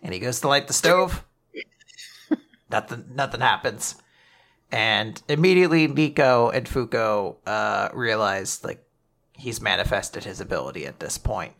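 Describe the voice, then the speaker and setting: A man hosting a casual podcast, retelling manga chapters with animated storytelling and frequent laughter. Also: lowish voice, unhurried, creaky. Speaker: podcast host.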